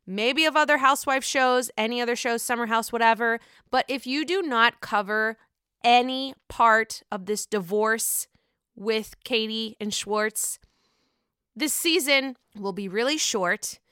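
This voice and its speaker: A young woman chatting excitedly about reality TV as a solo host, swearing freely. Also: fairly high pitch, smooth, no room sound, studio quality. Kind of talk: casual solo commentary.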